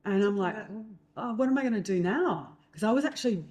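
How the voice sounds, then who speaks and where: A middle-aged Australian woman, a guest, telling lively stories in conversation and acting out what others said, with many fillers. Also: mid-range voice, brisk. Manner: lively anecdotes with acted-out quotes, fillers. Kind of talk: storytelling in conversation.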